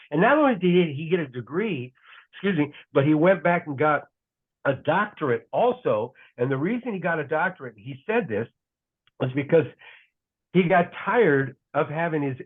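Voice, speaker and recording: Man telling rambling stories over a tinny line. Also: fairly high pitch. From United States. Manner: rambling, self-correcting anecdotes. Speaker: guest broadcaster. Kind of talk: casual podcast storytelling.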